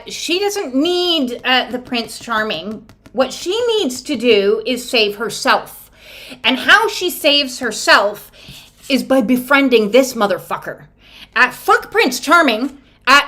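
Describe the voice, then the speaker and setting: A woman's voice: a little high, bright, forceful tone. Blunt, profane woman reading oracle cards. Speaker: oracle card reader. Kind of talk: casual spiritual vlog chat.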